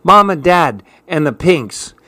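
A man reading as a bossy older sister in a storybook, hollering in a high, urgent voice. The sound is dry and close to the mic. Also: lively intonation, takes it slowly, pushed and bright, dry recording, full character voice. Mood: frantic.

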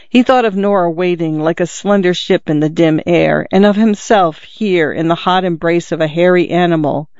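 Man with a higher voice reading a story out slow and measured, dull dry audio. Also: darkish tone, clear, resonant tone, no room sound. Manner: measured, literary. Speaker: narrator. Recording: dull, dry, slightly lo-fi recording.

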